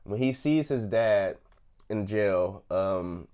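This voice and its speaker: A man's voice: fairly low pitch, expressive, slow pace, dark tone, clear, resonant tone. A young man hosting a casual review, loosely retelling scenes in slang and laughing often. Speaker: host reviewing a TV episode. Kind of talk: casual chat.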